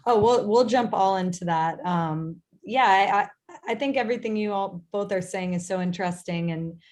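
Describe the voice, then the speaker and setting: A woman's voice: mid-range voice, moderate pace, darkish tone. A woman moderating a post-screening Q&A, friendly and chatty as she asks questions.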